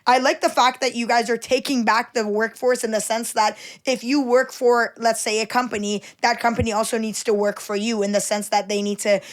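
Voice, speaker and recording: A woman's voice: on the high side, fairly even intonation, fairly quick, few pauses. A woman in her thirties hosting a podcast, blunt and opinionated in casual chat. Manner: blunt, opinionated, swears freely. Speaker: podcast host.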